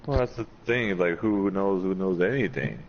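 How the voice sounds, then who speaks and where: Man, very deep voice, short profane replies, dull recording, clear hiss, clicks. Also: moderate pace. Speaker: podcast co-host. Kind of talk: casual chat. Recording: dull podcast audio with audible hiss and clicks.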